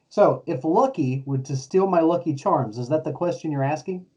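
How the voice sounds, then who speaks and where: Mellow man heard from a distance. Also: on the high side, normal speed. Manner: laid-back, chuckling, storytelling. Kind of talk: casual chat. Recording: distant, muffled lo-fi mic.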